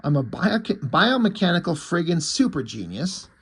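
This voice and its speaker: A man's voice: a little high, very animated, moderate pace, breathy edge, exaggerated voice. A man voicing a frustrated, lustful female alien engineer from a comic, reading casually. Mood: frank.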